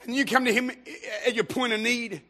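A man preaching a sermon in church, moving from quiet storytelling to fervent, shouted exhortation. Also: very high voice, steady tone, fairly quick. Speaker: pastor.

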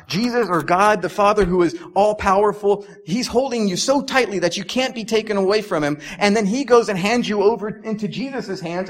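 A young adult man preaching a sermon as pastor in a conversational way, with frequent "like"s and restarts. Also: high voice.

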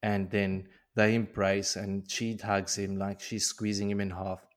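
Low-voiced man retelling a story. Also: a little slow. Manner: animated storyteller, slangy. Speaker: podcast co-host. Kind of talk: casual book recap.

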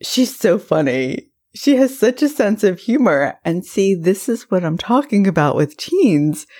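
A woman in her forties hosting a solo podcast, telling stories in a warm, chatty way. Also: medium pitch, big pitch swings, a little slow. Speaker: podcast host. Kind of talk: casual solo podcast talk.

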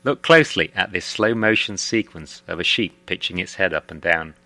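A man narrating a documentary clip in a calm, explanatory way. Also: deep voice, moderate pace. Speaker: video narrator.

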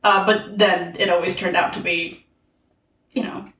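A woman's voice: lowish voice, little pitch movement, unhurried, a bit bright, echoey room, distant mic, slight background noise, poor audio. A woman co-hosting a casual podcast chat, retelling movie scenes with quoted lines. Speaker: podcast co-host.

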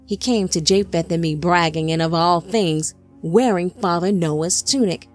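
A woman narrating a scripted storybook in a measured, steady manner. Her voice sits a bit low for a woman, and faint music runs under the reading.

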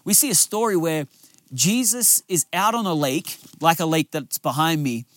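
A man's voice: on the high side, expressive, moderate pace, fairly bright tone, no echo, studio quality. A man, a lead pastor giving a sermon outdoors by a lake, in an earnest, conversational storytelling way.

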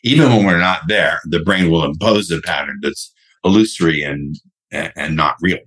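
A man's voice: low-pitched, moderate pace, a bit bright, slightly rough. A man being interviewed as a sales trainer, talking bluntly and brashly and swearing freely. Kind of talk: podcast interview.

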